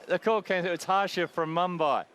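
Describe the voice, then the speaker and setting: A man's voice: high-pitched, noisy background. Chuckling man in his sixties. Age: 60s. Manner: chuckling, warm-hearted, laughs often. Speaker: radio cricket commentator. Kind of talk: casual on-air chat.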